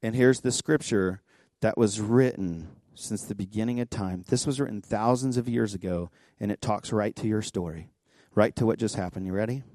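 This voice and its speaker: A man pastor giving a sermon in a church, telling a story conversationally with quick asides. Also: on the low side, dry recording. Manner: impassioned, rising to near-shouting pleas. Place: church sanctuary.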